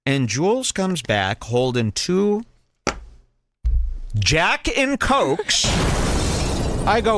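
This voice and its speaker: Animated man telling a comic story. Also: high voice, extremely slow, long pauses, background noise. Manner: animated, mimics people in stories. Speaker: podcast co-host. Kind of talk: casual comedic storytelling.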